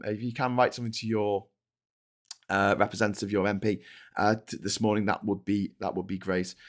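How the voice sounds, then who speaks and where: Male host, mid-pitched, exasperated ranting through a casual news rundown. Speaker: livestream news show host. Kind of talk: casual news commentary reading viewer chats.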